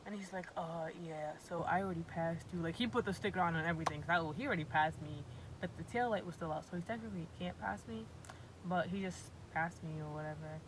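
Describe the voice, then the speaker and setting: A young woman from Massachusetts telling a storytime vlog with animated, profane, exasperated storytelling. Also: on the low side, quick pace, background noise. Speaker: vlogger.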